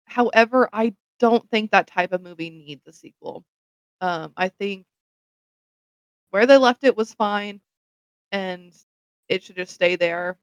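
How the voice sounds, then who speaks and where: A woman's voice: mid-range voice, a little slow, long pauses, dry recording. A woman hosting a podcast news segment, chatting casually and reading articles aloud in an easygoing, slightly hesitant way.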